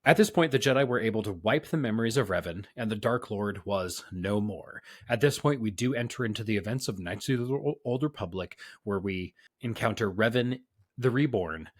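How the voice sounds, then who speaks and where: A man's voice: fairly low pitch, animated, normal speed. Teasing young man co-hosting a podcast. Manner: teasing, dry banter. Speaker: podcast co-host. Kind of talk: casual podcast chat.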